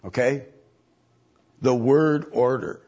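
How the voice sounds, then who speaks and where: A man's voice: mid-range voice, steady tone, slow, a little mellow, slightly rough. A man preaching a sermon, emphatic, with mocking voices when he quotes others. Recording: dull lo-fi recording.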